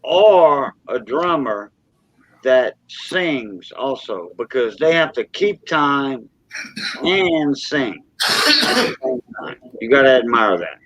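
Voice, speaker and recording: A man's voice: mid-range voice, big pitch swings, fairly bright tone, no room sound. A man in his fifties chatting hesitantly on a dry, dull-sounding microphone. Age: 50s. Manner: slow, hesitant. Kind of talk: casual group chat.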